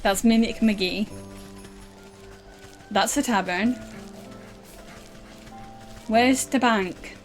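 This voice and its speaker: A woman's voice: fairly high pitch, drawn-out words, pauses often, faint music behind. A British woman from the UK who streams games as a VTuber, chatting in a playful, joking, rambling way. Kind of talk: casual gameplay commentary.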